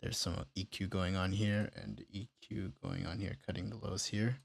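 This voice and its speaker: A man casually walking through how he built a beat, step by step, in a relaxed, plain way. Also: sits low, normal speed, vocal fry. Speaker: music producer tutorial host. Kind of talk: casual screen-recorded tutorial.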